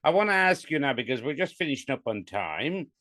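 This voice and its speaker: A man's voice: mid-range voice, sing-song, no room sound, clean studio sound. A man hosting a chat show, asking his guest questions in an encouraging, easygoing way and laughing readily. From Ireland. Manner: warm, encouraging, quick to laugh. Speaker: podcast host. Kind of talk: casual interview.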